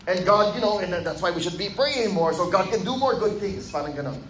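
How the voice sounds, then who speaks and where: A man's voice: high voice, expressive, fairly quick, a bit bright, slight background noise. A man with a Filipino accent preaching a sermon as pastor, switching between English and Tagalog asides and acting out quoted voices. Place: church sanctuary. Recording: echoey hall with faint ambience.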